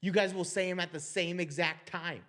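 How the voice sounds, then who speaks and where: A man's voice: high-pitched, fairly even intonation, moderate pace, fairly bright tone. A man co-hosting a podcast, making playful, silly claims in casual chat. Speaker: podcast co-host.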